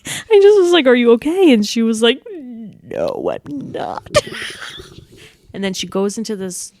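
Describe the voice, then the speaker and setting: A woman's voice: fairly high pitch, sing-song, a little fast, darkish tone, a little hiss or hum. A woman co-hosting a podcast in casual chat, candid and profane, laughing often as she tells stories. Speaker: podcast co-host.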